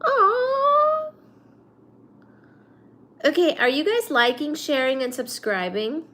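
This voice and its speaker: A woman's voice: sits high, expressive, moderate pace, a bit bright. A woman hosting a late-night livestream, chatting and greeting viewers by name before explaining cosmology with many fillers. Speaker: livestream host teaching physics.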